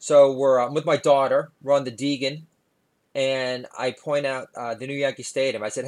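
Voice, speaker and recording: A man's voice: steady tone, darkish tone. A man, doing stand-up stories with wry asides. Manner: wry, quick asides, mimics his daughter in a higher voice. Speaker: stand-up comedian. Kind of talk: stand-up storytelling.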